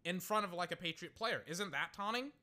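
A young man's casual football commentary, his voice slightly high and edged with brightness. He grumbles through the play-by-play, then flares into exasperated, ranting outbursts. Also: fairly quick. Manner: excitable, ranting, swings between muttered play-by-play and loud outbursts. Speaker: sports commentator. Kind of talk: casual live game commentary.

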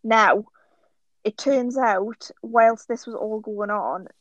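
A woman's voice: fairly high pitch, slow, a bit bright, no echo, lo-fi sound. A woman, co-hosting a podcast and chatting casually, retelling a story with eager restarts. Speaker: podcast co-host. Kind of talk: casual chat.

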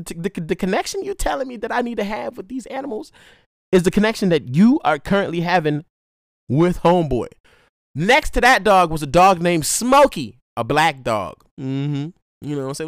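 A man's voice: sits high, expressive, brisk, fairly bright tone, dry recording, studio quality. A man telling a rambling story in a laid-back casual monologue, full of slang and restarts. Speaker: vlogger.

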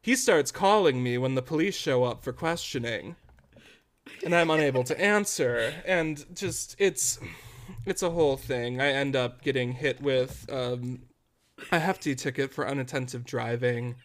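A young man, a podcast co-host, telling a story in a casual, animated, dramatic way that keeps breaking into laughter. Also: medium pitch, measured pace.

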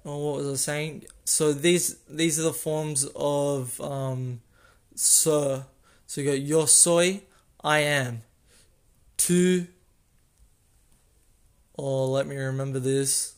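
A man hosting a casual solo podcast, recorded on a phone, explaining things in a slow, rambling way and correcting himself as he goes. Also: on the high side, fairly even intonation, clear, resonant tone. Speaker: podcast host.

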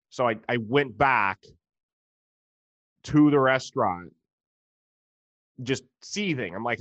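A man's voice: mid-range voice, unhurried, pauses often, a bit bright, no echo, dull audio. A man with an American accent, a stand-up comedian delivering a profane, sarcastic rant.

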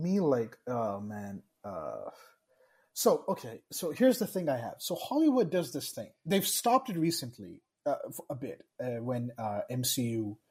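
A man's voice: medium pitch, darkish tone. A man co-hosting a casual podcast chat, ranting with exasperation and swearing often. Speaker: podcast co-host.

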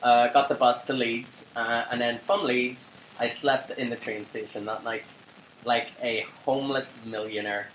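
A man's voice: mid-range voice, fairly even intonation, a little slow, fairly bright tone, slight background noise. Young man rambling a story. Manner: rambling, sweary, laughs often. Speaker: podcast co-host. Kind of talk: casual chat, storytelling. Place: flat. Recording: roomy home recording with faint ambience.

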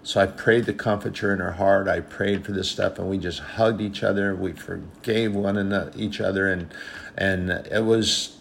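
A man's voice: low-pitched, steady tone, moderate pace, creaky, slight background noise. A man giving an informal, earnest sermon, telling a personal story in a conversational, rambling way. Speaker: preacher.

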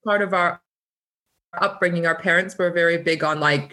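A woman in her thirties speaks in a slightly low voice during a casual conversation. She talks reflectively, often pausing and restarting as she works through her thoughts. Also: steady tone, bright, forceful tone. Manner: hesitant, many restarts and fillers. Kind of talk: casual chat.

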